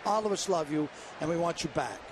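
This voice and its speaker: An excitable man rambles and jokes as a guest in the broadcast booth, his voice pitched high for a man. A steady wash of noise sits under him. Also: fairly quick. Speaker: guest commentator. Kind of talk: joking broadcast banter.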